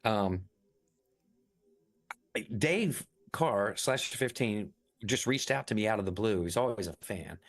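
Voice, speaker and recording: Upbeat low-voiced man guest. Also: expressive, unhurried, long pauses. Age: middle-aged. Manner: upbeat, enthusiastic, chatty. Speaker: actor and guest. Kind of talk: casual interview chat.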